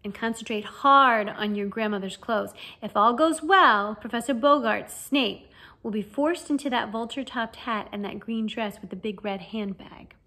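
A kindly middle-aged wizard teacher, as a woman reads him in a storybook reading. He explains things gently and cheerfully, coaxing his pupils along with calm encouragement. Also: on the high side, moderate pace. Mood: encouraging. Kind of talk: fan audiobook reading.

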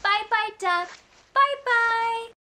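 A woman's voice: very high voice, extremely slow, bright, forceful tone, slight background noise. A woman teaching toddlers, talking right to the child in a sing-song, exaggerated and encouraging way. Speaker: children's educator.

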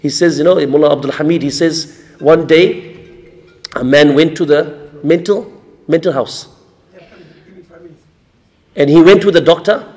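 A man's voice: fairly high pitch, unhurried, long pauses. A man preaching a storytelling sermon in a mosque, acting out the characters and adding jokes. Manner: animated storyteller, acts out characters. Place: mosque hall. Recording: reverberant hall.

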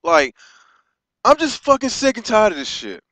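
Impassioned high-voiced American man ranting. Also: wildly swooping pitch, fairly bright tone, no echo. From United States. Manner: impassioned, halting, with profanity and many restarts. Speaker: vlogger. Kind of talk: heated vlog rant.

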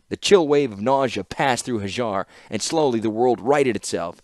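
A man narrating an audiobook-style reading with steady, measured pacing. His voice sits at an ordinary middle pitch for a man. The sound is close and dry, with no room echo.

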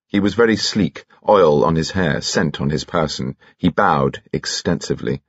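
A man narrating an audiobook with expressive, varied delivery. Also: extremely low pitch, normal speed, few pauses, husky, no room sound, dull audio. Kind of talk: scripted narration.

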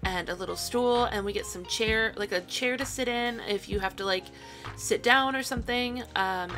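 With a mid-range, sharp-toned voice, a female video creator delivers a long, rambling casual voiceover narration. She's chatty and full of ums, tired, and keeps yawning and apologising.

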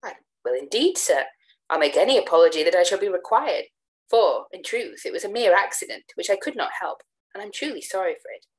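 A woman voicing a tipsy, flustered young gentleman who protests emphatically. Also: mid-range voice, very animated, fairly quick, lightly acted. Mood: apologetic.

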